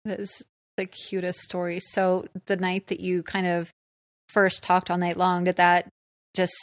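A woman's voice: lowish voice, completely flat delivery, unhurried, no room sound. A woman hosting a podcast who reacts to her guest with gushing enthusiasm. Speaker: host. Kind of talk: casual chat.

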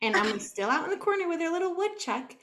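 A woman co-hosting a podcast, telling a story in a casual, animated way, full of "like" and acting out what she said. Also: very high-pitched, quick pace, a little hiss or hum. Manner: animated, peppered with "like", acts out her own quotes. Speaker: podcast co-host.

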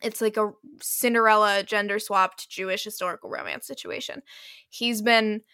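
A woman on a casual podcast, chatting her way through a book recap with plenty of "um" and "like." Her voice is bright and clear, at a middle pitch for a woman. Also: steady tone, moderate pace. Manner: chatty storyteller, many fillers like "um" and "like". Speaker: podcast co-host. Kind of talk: casual chat.

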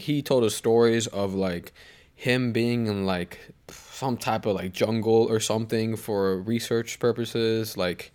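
A young man on a podcast, chatting casually, wandering through a swearing-laced story full of tangents. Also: lowish voice. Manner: rambling storyteller, swears often, trails off on tangents. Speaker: podcast co-host. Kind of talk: casual chat.

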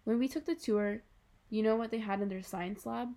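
Lady reading as a gentle mom, soft and coaxing, reassuring her kid. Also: on the high side, normal speed, natural voice. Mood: fond. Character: patient gentle middle-aged mother.

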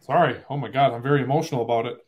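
A man hosting a casual sports podcast, animated and quick to laugh at himself. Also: medium pitch, dull audio, a little hiss or hum. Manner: animated, laughing, self-deprecating. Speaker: podcast host.

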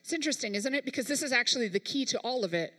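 A woman's voice: on the high side, animated, racing, fairly bright tone, in a large hall. A woman preacher delivering a sermon, talking emphatically and straight to her congregation. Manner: emphatic, speaks directly to the congregation.

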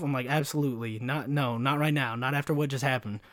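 A man's voice: a little high, moderate pace, no echo, studio quality. A young man hosting a solo podcast, rambling through stories with frequent laughs and acting out the voices of people he quotes. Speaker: podcast host. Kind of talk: casual solo podcast storytelling.

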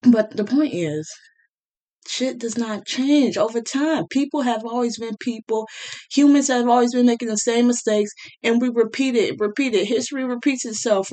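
A woman's voice: a little high, normal speed, a little mellow. Woman podcaster ranting solo, blunt and heated, swears a lot, lots of likes and ums. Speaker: podcast host. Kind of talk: casual solo podcast monologue.

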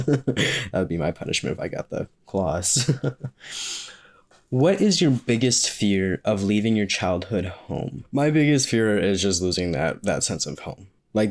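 This young man from Maine has a lowish voice with lively intonation and a moderate pace. He's a vlogger doing a relaxed Q&A, wandering through his answers with jokes and plenty of laughs.

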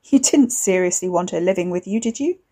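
A woman's voice: lowish voice, expressive, brisk, mellow. Woman voicing a smug, taunting young man. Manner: smug, mocking, drawling.

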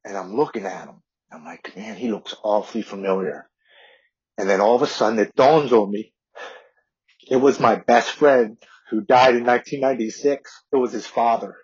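A man's voice: mid-range voice, normal speed, a little mellow, breathy edge. A man in his forties, a podcast guest, earnestly telling a personal recovery story and often repeating words. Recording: dull lo-fi audio.

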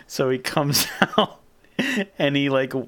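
A man's voice: medium pitch, slow pace, a bit bright, clean tone. A man co-hosting a casual podcast, laughing along and filling in background. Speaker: podcast co-host.

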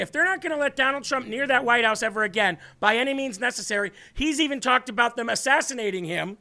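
An American man hosting a live political commentary show, ranting and reading out viewer comments. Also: very high voice. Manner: animated, preachy ranting with mock taunting asides. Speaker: host.

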